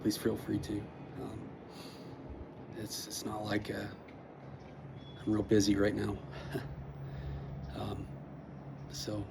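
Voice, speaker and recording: Emotional man, very flat low voice, halting delivery, ambience noise behind. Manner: halting, many pauses and fillers. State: emotional, near tears. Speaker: vlogger sharing personal news. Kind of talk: emotional personal address.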